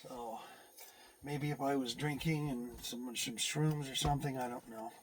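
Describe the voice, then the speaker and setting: A man's voice: medium pitch, fairly even intonation, unhurried, a crowd in the background. A middle-aged Canadian man with a Canadian accent, chatting casually to the camera inside his RV and talking sweetly to his cats. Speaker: vlogger. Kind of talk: casual rambling chat to camera. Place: inside an RV near a wood stove. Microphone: handheld camera.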